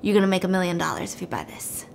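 Lady doing a nosy old town lady, slow and pushy. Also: lowish voice, gravelly, slight background noise, voice pushed down. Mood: coaxing. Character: pushy old village woman.

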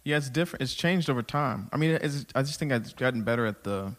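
A man's voice: medium pitch, expressive, fast, a bit bright. A man, a stand-up comic, talking frankly in a rambling, self-deprecating way. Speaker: stand-up comedian guest. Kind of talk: casual chat.

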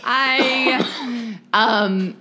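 A woman from California co-hosting a podcast in casual chat, rambling and giggly as she thinks out loud. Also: a little high, drawn-out words, over music. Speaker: podcast co-host.

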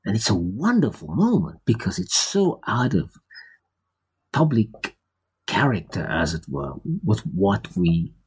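A man speaking as a scholar in an unhurried academic talk, discursive and hesitant, with many fillers and restarts. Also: fairly low pitch, sing-song, darkish tone, slightly rough, rough recording.

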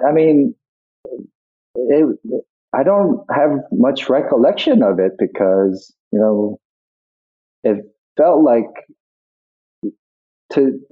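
Over a tinny, phone-like line, a man guesting as an actor in an interview tells stories reflectively, restarting often. His voice sits at medium pitch with a slight roughness.

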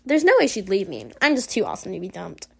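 A woman's voice: medium pitch, wildly swooping pitch, fast talker, creaky, breathy edge. A woman playing a story game and chatting through it in a giggly, casual way, reacting aloud to every choice. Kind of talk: casual let's-play commentary.

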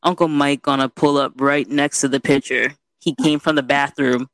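A young adult woman telling a story in casual chat, animated and chatty, full of "you know". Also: rumbling low, normal speed, dry recording.

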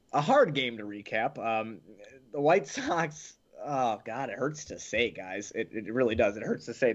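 A man's voice: mid-range voice, a bit bright, lo-fi sound. A man hosting a casual sports podcast, talking loosely and frankly and swearing now and then. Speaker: podcast host.

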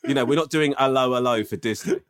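A man's voice: mid-range voice, fast, clean tone. A man, co-hosting a podcast and telling a story in casual, swearing chat, often checking with "right?". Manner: animated, swearing, tag questions. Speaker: podcast co-host.

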